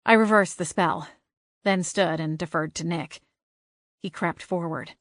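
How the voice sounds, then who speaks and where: A woman's voice: on the low side, measured pace, pauses often, no echo. Woman narrating a cozy audiobook, dry close. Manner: lively storytelling with wry asides. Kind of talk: first-person audiobook narration.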